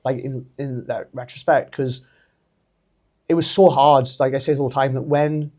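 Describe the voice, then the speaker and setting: A man in his thirties with a Welsh accent, a wrestler telling his story as a podcast guest, animated and laughing often. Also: medium pitch, moderate pace. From Wales. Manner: animated, laughs often, acts out quoted voices. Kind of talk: casual storytelling interview.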